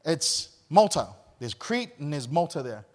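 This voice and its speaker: A man's voice: on the high side, big pitch swings, measured pace, a little mellow. A man preaching a sermon. He tells stories with a lot of energy, laughs often and repeats words as he goes. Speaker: pastor. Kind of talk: sermon with personal storytelling.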